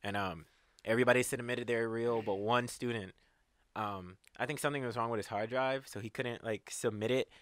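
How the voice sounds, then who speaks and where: A man's voice: medium pitch, fairly even intonation, a little fast, a bit bright. A man co-hosting a casual podcast, telling a story about a class in a loose way full of fillers. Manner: casual, filler-heavy, lots of "like". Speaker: podcast co-host.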